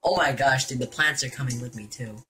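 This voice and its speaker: Young man, gameplay commentary, bright tone, excitable and jokey, middle pitch. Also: brisk, faint music behind. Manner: excitable, jokey, shouts and laughs at the game. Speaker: gaming YouTuber.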